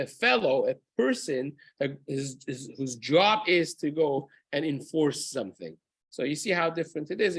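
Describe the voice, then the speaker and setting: Husky-voiced rabbi teaching a lesson. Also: male voice, fairly high pitch, no echo, poor audio. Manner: explanatory, with frequent restarts and "right?" checks; drops into chanting Hebrew verses. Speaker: rabbi teaching a daily halacha class. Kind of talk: casual Torah lesson.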